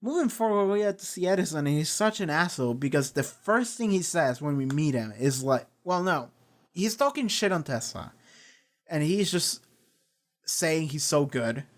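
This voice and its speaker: A man's voice: fairly high pitch, expressive, moderate pace. A man hosting a reaction channel, talking through a TV episode in a loose, rambling way with many restarts, casual swearing and paraphrased character lines.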